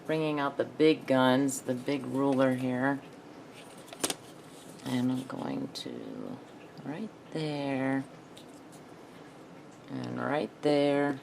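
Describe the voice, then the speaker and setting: Woman craft host, low voice, slow unhurried delivery, thinking aloud at her craft table, faint noise behind. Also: flat delivery, creaky. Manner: thinks aloud while working, self-talk. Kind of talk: casual craft tutorial narration.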